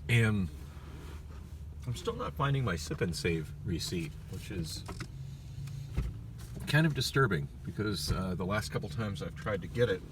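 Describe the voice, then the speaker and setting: A man's voice: lowish voice, lively intonation, unhurried, long pauses, far from the mic, background noise. A man vlogging casually from a parked car, rambling with many fillers and restarts. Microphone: phone.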